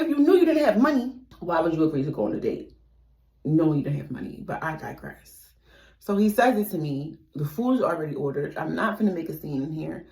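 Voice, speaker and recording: A young woman tells a storytime in a casual, profane way. Her voice sits a little low, and she jumps between loud outbursts and quiet muttered asides. The room is echoey. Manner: animated, profane, swings between loud exclamations and hushed asides. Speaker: storytime vlogger.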